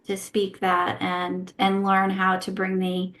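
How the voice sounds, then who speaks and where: A woman's voice: medium pitch, monotone, takes it slowly, fairly bright tone. A woman who is a guest and former therapist, explaining her views in a casual podcast conversation, posing rhetorical questions to herself. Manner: explanatory, asks herself rhetorical questions, often tags "right?".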